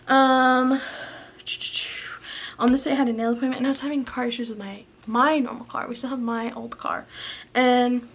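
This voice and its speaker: Sleepy, gravelly young woman vlogger. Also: on the high side. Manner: rambling, filler-heavy, often trails into whispers. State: tired, yawning late at night. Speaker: planner vlogger. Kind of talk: casual chatty voice-over. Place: home, late at night.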